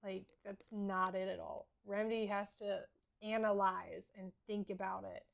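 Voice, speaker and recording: Gravelly-voiced woman co-hosting a horse podcast. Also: medium pitch, little pitch movement, a little slow. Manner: earnest, explanatory, gives advice. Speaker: podcast co-host. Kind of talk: casual horse podcast chat.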